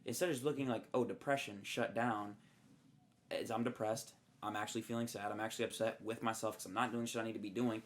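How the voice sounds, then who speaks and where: A young man co-hosting a podcast in casual chat, slangy, swearing and animated as he tells stories. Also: on the low side, very fast, few pauses, slight background noise. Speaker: podcast co-host.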